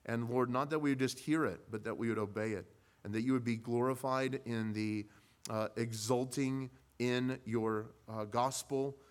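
A man leading a congregational prayer in church, speaking haltingly with frequent pauses. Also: medium pitch, fairly even intonation. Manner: halting, with many pauses and fillers. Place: church sanctuary.

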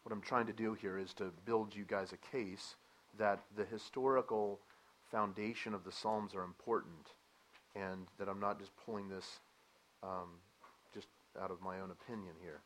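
A man preaching a sermon, animated and emphatic, asking the listeners rhetorical questions and dropping to a quieter explaining tone at times. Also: lowish voice, moderate pace, poor audio.

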